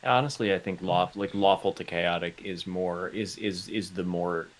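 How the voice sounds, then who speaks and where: Male co-host, very low voice, animated, trips over his words, casual stream talk. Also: normal speed. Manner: animated, stumbles and restarts. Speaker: podcast co-host. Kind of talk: casual live-stream chat.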